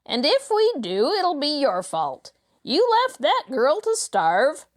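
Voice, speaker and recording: A woman's voice: high-pitched, huge pitch swings, slow pace, voice pushed up, full character voice. A woman voicing a quarrelsome male robber in an audiobook, needling and accusing the others. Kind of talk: audiobook character voice.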